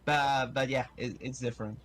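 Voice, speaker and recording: Halting man. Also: mid-range voice, fairly even intonation, a bit bright. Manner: halting, searches for words. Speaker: guest on stream. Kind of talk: casual chat.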